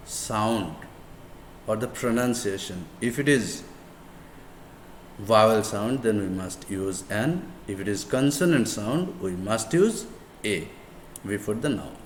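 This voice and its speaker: A man whose first language is Bengali, with a Bangladeshi accent, teaching English grammar in a deliberate lecture style and repeating words and examples for emphasis. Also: lowish voice. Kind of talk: slow classroom lecture. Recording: echoey room with faint background noise.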